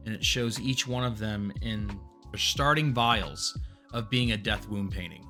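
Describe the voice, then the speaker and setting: Casting note: bright-voiced man, casual story-recap host, earnest and rambling, faint music underneath. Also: lowish voice, measured pace. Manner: earnest, rambling, gets excited and louder at big moments.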